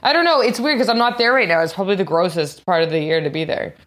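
A woman's voice: lowish voice, animated, fast, a bit bright. A young adult woman comedian with a Canadian accent, chatting casually on a podcast and rambling with lots of "like" fillers. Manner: rambling, full of "like" fillers, laughs often. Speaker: comedian guest.

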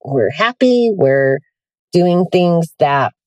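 A woman's voice: on the low side, animated, very slow, darkish tone, no echo. A tired woman hosting a casual self-help podcast from her car, chatty and candid, with plenty of ums and likes. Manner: chatty, candid, with many fillers. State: tired, yawning. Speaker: podcast host. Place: sitting in a hot car.

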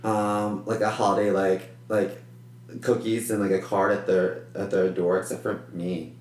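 A man's voice: lowish voice, little pitch movement, unhurried, echoey room. A man co-hosting a casual chat, a comedian who rambles and hesitates with lots of fillers. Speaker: podcast co-host, comedian.

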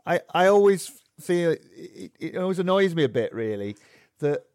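A man's voice: on the high side, very animated, normal speed, a little mellow, no echo, studio quality. A male interviewer who chats freely and asks leading questions in a conversational interview.

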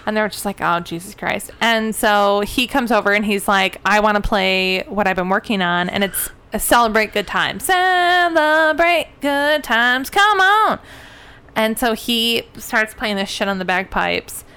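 Young woman co-host: bright, smooth voice, animated and profane storyteller. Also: medium pitch, normal speed, hardly any pauses. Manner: animated storyteller, swears freely, mimics sounds. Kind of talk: casual chat.

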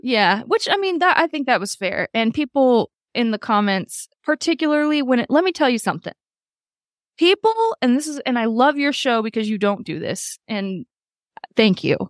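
Higher-voiced woman host, animated and foul-mouthed, recorded close and dry. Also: moderate pace, no room sound. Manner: animated, swears freely, acts out quotes. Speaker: podcast host. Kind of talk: casual recap chat.

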